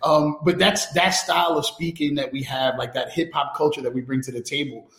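A man with a fairly high voice speaks openly and with energy, restarting his sentences and tagging them with quick asides. The sound carries a noticeable room echo. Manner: candid, animated, many restarts and "right?" tags. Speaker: guest, enterprise technology strategist. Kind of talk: casual conversational interview.

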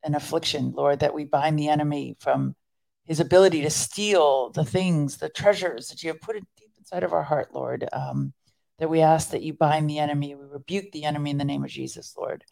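A podcast co-host with a low, mellow, steady voice and some vocal fry chats casually at a fairly quick pace, then prays aloud fervently and earnestly on her faith podcast. The audio quality is poor.

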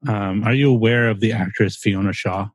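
Husky guy on a podcast, opinionated and rambly, dry close mic. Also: lowish voice, fairly even intonation, moderate pace, dry recording. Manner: opinionated, rambling with fillers, swears. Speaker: podcast co-host. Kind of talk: casual chat.

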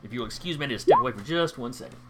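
A man's voice: medium pitch, wildly swooping pitch, very fast, noisy background. A man running a tabletop game as game master, reading out rules plainly and asking players for rolls. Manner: reads rules aloud, plain and matter-of-fact.

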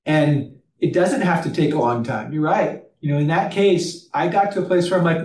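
A man's voice: a little high, normal speed, few pauses, darkish tone, far from the mic. A man who leads a company, a guest in a podcast interview, telling a story earnestly with frequent restarts and fillers. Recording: roomy echo, off-mic.

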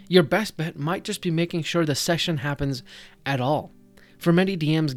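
A man hosting a podcast, talking directly to the listener in a conversational, scripted way as he gives advice to dungeon masters. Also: medium pitch. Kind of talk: scripted tips talk.

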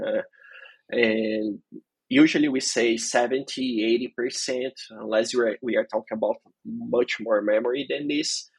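A man's voice: medium pitch, fairly even intonation, a little slow, gravelly, slightly rough, no room sound, low-quality recording. A man as a guest expert in a technical interview, explaining things patiently step by step.

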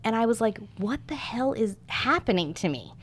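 A woman's voice: on the high side, normal speed. A woman in her thirties, a fitness coach guesting on a podcast, talking casually and acting out the people in her story. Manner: animated storyteller, acts out quoted voices.

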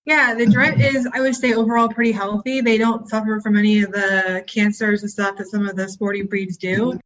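A woman, a dog breeder on a podcast, giving measured, matter-of-fact explanations. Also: mid-range voice, flat delivery, fairly bright tone. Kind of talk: informative interview answers. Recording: dull lo-fi sound.

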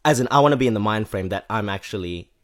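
Low-voiced rambling man. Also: lively intonation, quick pace, a bit bright. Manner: rambling, self-correcting, with lots of fillers. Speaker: podcast guest, rapper. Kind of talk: casual chat.

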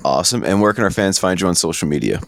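A man hosting a casual interview and asking his guest friendly, relaxed questions. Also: low voice, racing, gravelly. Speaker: podcast host.

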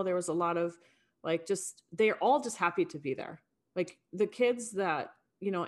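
Chatty woman coach, lowish voice. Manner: chatty, frequent likes and laughs. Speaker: high school girls' team coach. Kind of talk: casual conversation.

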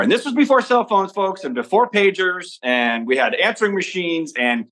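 A man from Nebraska, a podcast guest talking in a relaxed, rambling way about his upbringing and family. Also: sits high, normal speed, few pauses, poor audio. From Nebraska, USA. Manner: easygoing, rambling storyteller. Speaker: podcast guest, father and entrepreneur. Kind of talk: casual interview conversation.

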